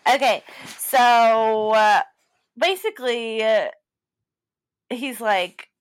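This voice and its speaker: A woman's voice: fairly high pitch, drawn-out words, smooth. A woman co-hosting a podcast in casual chat, telling stories animatedly with many "like" fillers. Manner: animated storyteller, many "like" fillers, laughs often. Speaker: podcast co-host. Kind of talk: casual chat recapping a TV show.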